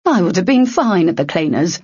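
Brief: a reader doing a stern older mother, blunt and scolding, slow and emphatic, husky and a little distant on a dull recording. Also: fairly low pitch, big pitch swings, a little mellow.

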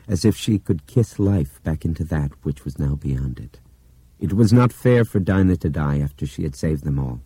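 A man reading a novel aloud in steady, measured narration that drops to a hush at times. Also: rumbling low, husky, no room sound. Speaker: audiobook narrator. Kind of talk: scripted narration.

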